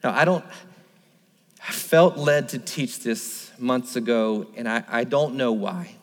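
A man's voice: medium pitch, slow pace, big-room sound. A male pastor preaching a sermon, emphatic and repetitive, asking the listeners rhetorical questions.

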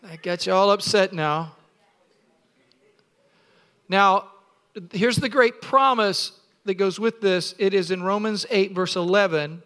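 Male pastor, middle-aged, preaching in church, high voice, exuberant and playful. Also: unhurried, fairly bright tone. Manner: exuberant, playful, calls on the congregation to respond. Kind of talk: sermon.

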